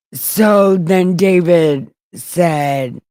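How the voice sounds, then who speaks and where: A woman's voice: lowish voice, extremely slow, a little mellow, dry recording. A woman livestreaming from home, reading scripture in a casual, irreverent way, crude and joking as she talks.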